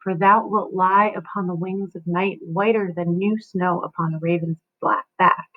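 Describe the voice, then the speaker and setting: A woman's voice: on the low side, fairly even intonation, moderate pace, a little hiss or hum, natural voice. A woman reading the lines of a young woman in love, reciting them in a raised, earnest voice. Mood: longing. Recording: phone-like lo-fi audio.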